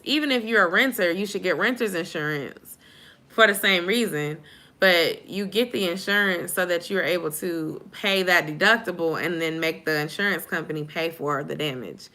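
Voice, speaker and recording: A woman's voice: fairly low pitch, bright, forceful tone. A young woman chatting casually with viewers on a late live stream, sleepy and informal, calling them y'all. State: sleepy, yawning. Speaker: YouTube vlogger on a live stream.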